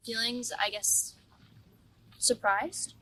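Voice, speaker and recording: Bright-voiced woman, mic at a distance. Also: on the high side, slow, a little hiss or hum. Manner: casual, frequent "like". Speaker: interviewee. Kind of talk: casual interview answer. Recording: distant mic, faint ambience.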